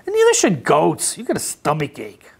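A man's voice: a little high, huge pitch swings, normal speed, gravelly, breathy edge, heavily acted. A man voicing a sulky grumpy duck. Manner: curt, grumbling refusals.

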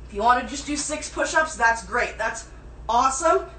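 A woman fitness instructor leads a live-streamed workout class, counting reps and calling out form cues. Her voice sits high, and she is out of breath at times. She is recorded from across an echoey room. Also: animated, normal speed, pushed and bright, distant mic, slight background noise. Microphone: phone camera at a distance.

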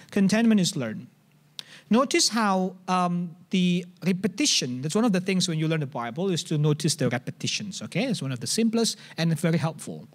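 A man with an Indonesian accent preaching a sermon at a church service, conversational and animated, often restarting and acting out examples. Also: high-pitched. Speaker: pastor.

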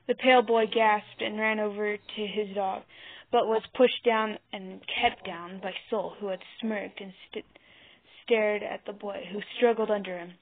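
A woman reading a fan fiction story aloud, halting and restarting over words, on a tinny phone-like mic. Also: mid-range voice, steady tone. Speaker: narrator.

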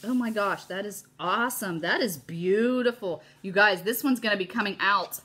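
A woman's voice: mid-range voice, moderate pace, few pauses, bright, forceful tone, husky. A middle-aged woman hosting a live crafting demo, bubbly and gushing as she chats with her viewers. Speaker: host of a live crafting stream.

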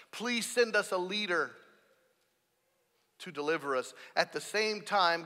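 A man preaching a sermon as pastor, emphatic, rising to loud stressed peaks. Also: fairly high pitch, in a large hall. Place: church sanctuary.

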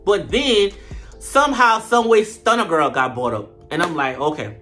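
Male comedic reviewer, high-pitched, sassy and profane, faint background music. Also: moderate pace. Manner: sassy, profane and animated, full of slang. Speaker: show reviewer. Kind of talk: comedic reality-TV recap.

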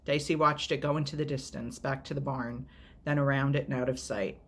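A man reading a novel aloud as a storyteller, with a husky voice at an ordinary pitch. His delivery is steady and measured, and he takes his time with each line.

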